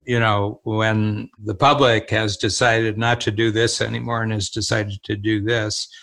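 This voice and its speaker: A man's voice: fairly low pitch, flat delivery, unhurried, creaky, a bit bright. An older man, a co-host, talking in a reflective, storytelling manner in a casual conversation.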